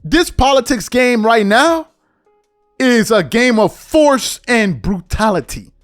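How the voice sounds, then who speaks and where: A man's voice: extremely high pitch, animated, slow, fairly bright tone, no echo, studio quality, faint music behind. A man hosting an opinion commentary show, talking in an emphatic, slangy way and sometimes mocking others. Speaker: commentary host.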